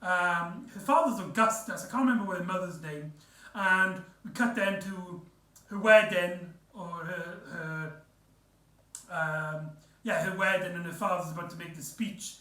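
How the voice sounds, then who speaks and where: A man's voice: high-pitched, unhurried, pushed and bright. A man recapping an episode in a casual, rambling way, full of fillers and restarts. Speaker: reviewer. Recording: echoey room, off-mic.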